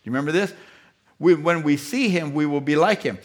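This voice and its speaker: A man's voice: on the high side, fairly quick. A man preaching a sermon as pastor, emphatic and rhetorical with a preachy cadence.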